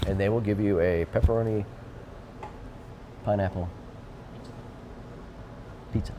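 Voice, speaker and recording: A man's voice: lowish voice, steady tone, a little slow, background noise. A man co-hosting a local TV show, joking and teasing his co-host while reading sponsor plugs. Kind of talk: casual studio chat with sponsor plugs.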